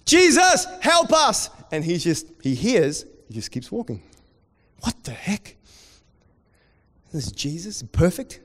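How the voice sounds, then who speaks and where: Preacher in a reverberant hall. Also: male voice, a little high, a little slow, slightly rough. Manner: swings from quiet intensity to loud excited storytelling. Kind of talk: sermon.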